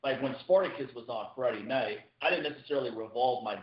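A man co-hosting a podcast in casual chat, talking quickly and often restarting his sentences as he builds a point. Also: mid-range voice. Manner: fast, animated, repeats words when starting sentences. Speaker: podcast co-host. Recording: dull, echoey room audio.

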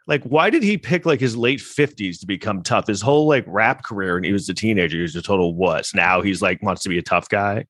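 A man's voice: on the low side, animated, fairly quick, fairly bright tone, no room sound. A man hosting a casual commentary, reacting to clips in a sarcastic, mocking, rambling way with plenty of swearing. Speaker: podcast host.

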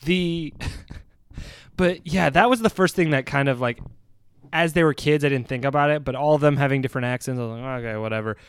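Animated man reviewing a movie. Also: fairly high pitch, fairly quick, smooth. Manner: animated, sarcastic, laughs often. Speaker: podcast co-host. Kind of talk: casual movie review chat.

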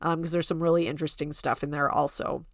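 A woman's voice: low voice, steady tone, fast, no echo, clean studio sound. A woman hosting a podcast in a casual gossip style, chatty and full of "like" fillers, now and then mocking people in quoted voices. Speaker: podcast host.

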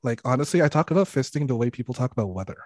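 A man's voice: medium pitch, expressive, very fast, a little mellow, no room sound. A man chatting as a podcast guest in a mid-range voice, frank and joking, laughter never far off. The sound is dry and close, with no room around it. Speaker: podcast guest, sex educator. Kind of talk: casual podcast chat.

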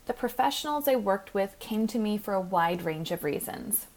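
A woman hosts a podcast as a pronunciation coach, reading from a script. Her delivery is clear, measured and instructive, at a middling pitch. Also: lively intonation, a little mellow.

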